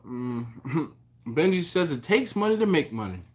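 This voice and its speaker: A man hosting a casual live stream, greeting viewers by name and reading their comments, easygoing and quick to chuckle, recorded on a phone at home. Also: a little high, big pitch swings. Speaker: host of a barbecue live stream. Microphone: phone on a mount.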